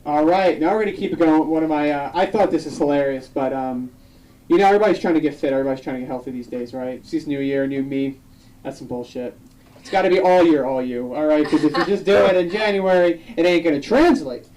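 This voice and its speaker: A young adult man performing a live stand-up comedy set, telling loose conversational stories with quick acted-out quotes. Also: fairly high pitch, darkish tone, distant mic, slight background noise, rough recording. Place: comedy club stage with a live audience.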